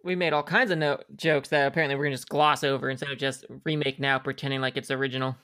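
A man's voice: medium pitch, flat delivery, quick pace, pushed and bright. A man co-hosting a podcast, joking and teasing his friends in casual chat. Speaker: podcast co-host.

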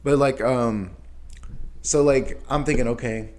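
A man telling a story in casual chat as a podcast co-host, animated and profane, often laughing. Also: mid-range voice, measured pace.

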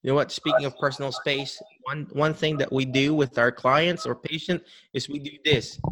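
A man being interviewed as a dementia care educator on a podcast call, animated and full of restarts, acting out how caregivers greet patients. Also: mid-range voice, normal speed, a little hiss or hum.

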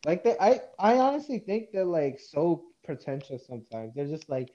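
A man chatting on a podcast with a fairly high, mellow voice. He tells stories with energy and acts out the people in them. The recording sounds dull and lo-fi. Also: moderate pace, few pauses. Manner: animated storytelling, acts out quotes. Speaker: podcast co-host. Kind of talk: casual chat.

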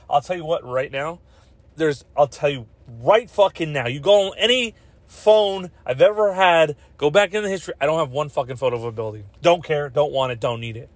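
A man's voice: fairly high pitch, fairly quick, no echo. Profane rambling young man ranting. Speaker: podcast host. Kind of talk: casual podcast rant.

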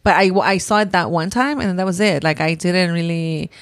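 A woman's voice: lowish voice, moderate pace, no room sound, clean studio sound. A woman, a mother of three, chatting casually and rambling with many restarts, sometimes dropping in Spanish words. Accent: mixes in Spanish words. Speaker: mother of three talking about her daughters. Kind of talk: casual chat.

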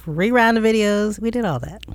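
A woman's voice: medium pitch, brisk, no echo. A woman chatting casually and enthusiastically about the music she loves. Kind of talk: casual chat.

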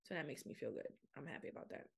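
Frank woman with a low gravelly voice. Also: very animated, very fast. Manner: frank, chatty, lots of "like" and quoted self-talk. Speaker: podcast host. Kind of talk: candid solo podcast monologue.

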